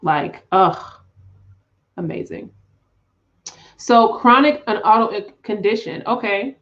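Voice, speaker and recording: A woman's voice: medium pitch, animated, takes it slowly, a bit bright, highs cut off. A woman hosting a live tarot reading, talking in an effusive, emotional, spiritual way with frequent laughs and sighs.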